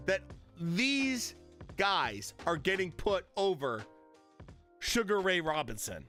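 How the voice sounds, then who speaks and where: Animated, profane streamer man. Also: high voice, slow, pauses often, soft background music. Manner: blunt and profane, riled up. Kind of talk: casual live-stream chat. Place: home streaming room with lit panel backdrop.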